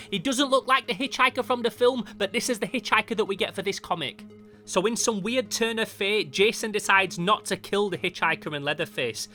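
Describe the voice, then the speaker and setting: An excitable man talks through a horror comic, swearing freely and acting out the sound effects in a bright, forceful voice. Faint music plays underneath him. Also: high voice. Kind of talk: casual comic review narration.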